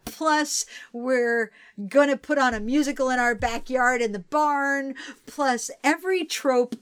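A woman's voice: high-pitched, unhurried, clear, resonant tone. A young adult woman co-hosting a casual film chat, enthusiastic and swearing casually. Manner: enthusiastic, swears casually, acts out movie bits. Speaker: podcast co-host.

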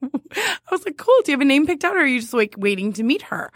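A woman co-hosting a casual podcast chat, giggly and quick in bursts. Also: high voice, very animated, no echo, clean studio sound. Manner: giggly, talks fast in bursts. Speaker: podcast co-host.

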